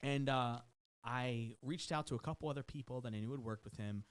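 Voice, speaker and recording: A man's voice: medium pitch, a little fast, clean tone. A man on a podcast telling a long story in a casual, profane way, often mimicking the people in it. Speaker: guest, personal trainer. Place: podcast studio.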